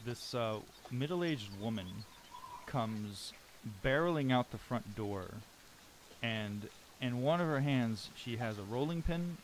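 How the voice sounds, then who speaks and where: A man running a tabletop role-playing game as game master, narrating the scene at a middling pitch. He describes things step by step and pauses often on ums. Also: a little hiss or hum.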